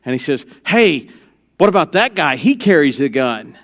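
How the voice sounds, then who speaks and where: Animated preaching man, high voice. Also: moderate pace. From Texas. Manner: animated preaching, swinging from low asides to loud emphatic peaks; conversational and joking with the congregation. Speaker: pastor. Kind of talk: sermon. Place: church sanctuary.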